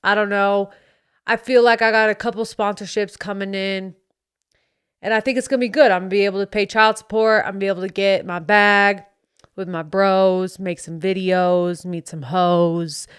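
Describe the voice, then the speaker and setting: A woman's voice: medium pitch, expressive, normal speed, long pauses, fairly bright tone, no room sound, clean studio sound. A woman playing a cocky young male dad influencer who talks with a faint southern twang in a swaggering, slangy, boastful way, as a comedic character monologue. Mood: braggy.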